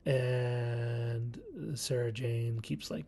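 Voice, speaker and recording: A man's voice: mid-range voice, unhurried, creaky, a little mellow, slight background noise. A man hosting his own video channel, giving a casual, rambling review of a classic TV serial, often correcting himself and chuckling.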